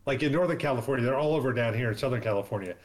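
A man's voice: medium pitch, rapid-fire, a little hiss or hum. A man explaining things in a casual chat, rambling with many restarts and fillers. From East Coast of the United States.

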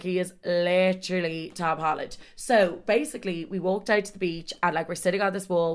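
A young woman telling a gossipy story for a vlog, swearing and saying like constantly. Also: fairly low pitch. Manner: gossipy, breathless, swears a lot, says like constantly. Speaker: vlogger.

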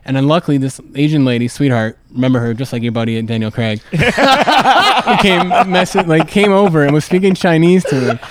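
Fast-talking young man telling stories. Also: mid-range voice. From Canada. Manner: animated storyteller, many "like" fillers, quick laughs. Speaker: podcast guest, fashion designer. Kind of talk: casual podcast chat, storytelling.

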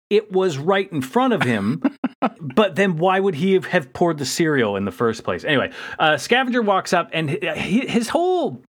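A man chatting casually as a podcast co-host. He rants in exasperation and laughs often. His voice sits a little high and swings widely in pitch. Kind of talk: casual recap chat.

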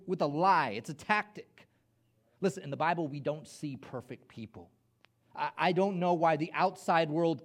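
Animated preacher man, lively pitch. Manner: impassioned preaching with emphatic slowed phrases and stammered restarts. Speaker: pastor. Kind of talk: sermon.

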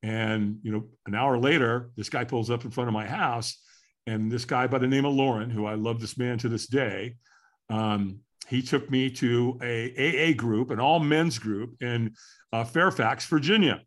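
An older Californian interview guest, mid-range in voice and talking at normal speed, candidly and earnestly relates his personal story. He voices what he used to think aloud.

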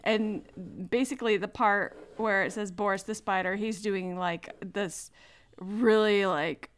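A woman in her thirties co-hosts a casual podcast. Her voice is smooth and resonant at a middling pitch, and she rambles along with plenty of fillers and laughter. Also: steady tone, a little slow. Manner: chatty, lots of fillers and laughter. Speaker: podcast co-host. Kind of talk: casual chat.

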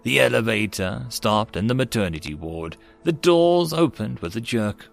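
A man narrating a web novel audiobook in an animated storytelling manner. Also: fairly low pitch, moderate pace, creaky, soft background music.

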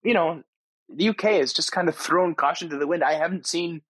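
A man's voice: fairly high pitch, brisk, a bit bright, dry recording. A man hosting a podcast, talking casually and enthusiastically on location at a conference, rambling with many fillers and restarts. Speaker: podcast host. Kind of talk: casual spoken monologue. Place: on location at a tech conference abroad.

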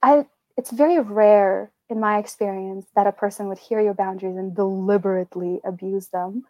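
A woman's voice: mid-range voice, steady tone, normal speed, dark tone, no echo, rough recording. A woman co-hosting a podcast, talking in a candid, reflective way and laughing lightly between thoughts. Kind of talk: casual podcast conversation.

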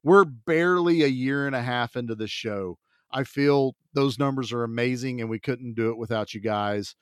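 A man's voice: medium pitch, normal speed, clean tone, no echo, clean studio sound. A man co-hosting a podcast in a casual, chatty and joking way. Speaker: podcast co-host.

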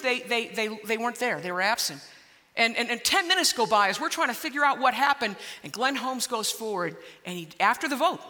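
A middle-aged woman gives a lively story-driven speech with a very bright, sharp voice. She tumbles over repeated words when she gets worked up, and her voice rings out with the long reverb of a big hall. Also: on the high side. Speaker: public speaker.

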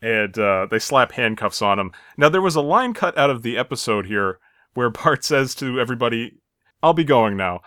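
A man's voice: mid-range voice, lively intonation, normal speed, bright, forceful tone, no room sound, studio quality. A man hosting a casual podcast, narrating an episode's plot step by step and chuckling at the gags. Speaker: podcast host. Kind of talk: casual episode recap chat.

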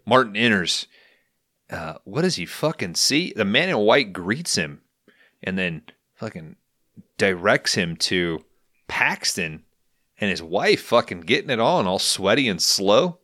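A man with a deep voice and a bright, forceful edge, recapping a movie in loose, profane storytelling. He talks casually and crudely, like a host walking his co-hosts through the plot. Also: sing-song, unhurried. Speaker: podcast host.

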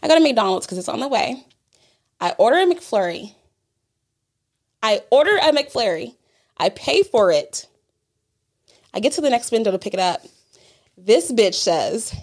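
A woman co-hosts a casual podcast chat and tells a story in an exasperated way, full of profanity and laughter. Her voice sits a little on the high side. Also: very animated, measured pace, long pauses. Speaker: podcast co-host.

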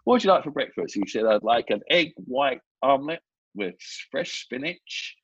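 A man, a film assistant director telling lively, casual anecdotes and acting out the voices he quotes. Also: medium pitch, normal speed, breathy edge, dry recording. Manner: lively storyteller who acts out quoted voices. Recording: dull, dry lo-fi audio.

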